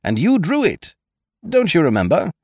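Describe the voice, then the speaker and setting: A man's voice: a little high, huge pitch swings, moderate pace, a little mellow, breathy edge, no echo, studio quality, voice pushed up, exaggerated voice. A man voicing a buoyant, chummy young male schemer in a story reading. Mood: hearty. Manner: hearty and chummy.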